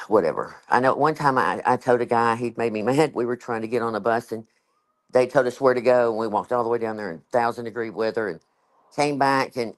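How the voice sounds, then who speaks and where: A man, rambling in casual chat as a guest, with lots of fillers and laughter. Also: mid-range voice.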